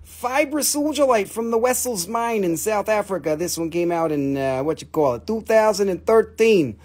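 A man with an Appalachian accent hosts a live mineral sale in loose, rambling, folksy patter, cracking jokes and letting out hoots. His voice sits a little high for a man. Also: animated, moderate pace, a little mellow. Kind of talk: casual live-stream sales patter.

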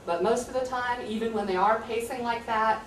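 A woman's voice: a little high, a little fast, recorded from a distance. An American woman teacher talks earnestly and conversationally about her classroom. She sounds set back from the microphone in an echoey room. A light hum sits underneath. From USA. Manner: earnest, conversational, acts out student exchanges. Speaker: high school teacher. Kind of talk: explaining classroom practice to visitors.

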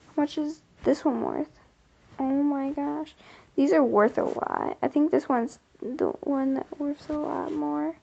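A woman's voice: sits high, gravelly, warm tone, muffled recording. A woman giving casual, rambling commentary while playing a life-simulation game, talking to herself and to her viewers. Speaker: gameplay video host.

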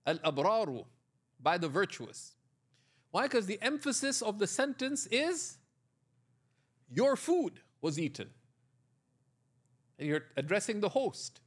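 A man's voice: high voice, very animated, slow, long pauses, slightly rough. A man teaching Arabic grammar in a classroom lecture, explaining step by step and often quizzing his students with questions and "right?". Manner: frequent checking tags like "right?".

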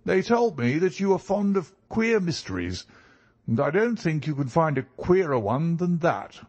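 A man voicing a hearty middle-aged country gentleman, earnest and worried. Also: a little high, sing-song, moderate pace, pitched above the performer's own voice.

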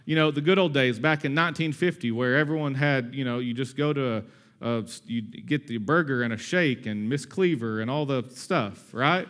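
A man in his thirties preaching a sermon in a conversational, energetic way, with asides and humor. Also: mid-range voice, moderate pace. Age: 30s. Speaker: pastor.

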